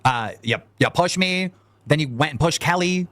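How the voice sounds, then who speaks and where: Male ranter, fairly high voice, dry sound, heated and profane. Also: animated, normal speed, a bit bright, no room sound. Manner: heated, repeats himself, swears. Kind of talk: angry ranting on a stream.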